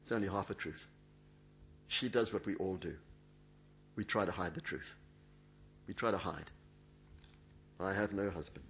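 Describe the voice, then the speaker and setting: A man's voice: deep voice, normal speed, pauses often, fairly bright tone, slight background noise. A male preacher, preaching a sermon in an emphatic, dramatic way. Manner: emphatic, dramatic, acts out quoted speech. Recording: dull lo-fi sound.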